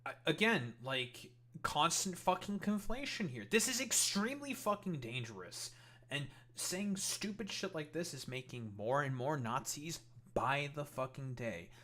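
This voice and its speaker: A man's voice: fairly high pitch, very animated, unhurried, sharp tone. A man hosting a political commentary stream, ranting heatedly and swearing constantly. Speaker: streamer host.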